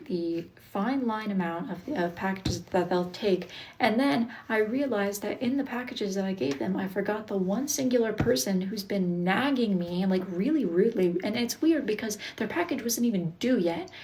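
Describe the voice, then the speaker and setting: A woman's voice: mid-range voice, a little mellow, a little hiss or hum. A young woman streaming live, chatting casually and venting, swearing freely and answering viewer comments.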